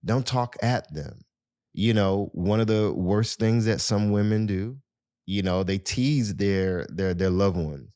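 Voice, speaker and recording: A man's voice: on the low side, slow pace, mellow, no room sound, studio quality. A man hosting a podcast, giving casual advice in a conversational way and speaking straight to his listeners, with lots of "you know" fillers. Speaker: podcast host.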